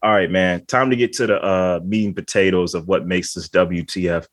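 Steady in tone and low in pitch, this podcast co-host talks at a moderate pace in a casual chat. His speech wanders, is heavy on filler like "like," and is frequently broken by laughter.

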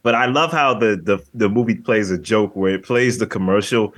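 A man co-hosting a podcast, retelling movie scenes in an animated way, with laughs and many restarts. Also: lowish voice, normal speed. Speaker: podcast co-host. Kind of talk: casual movie review chat.

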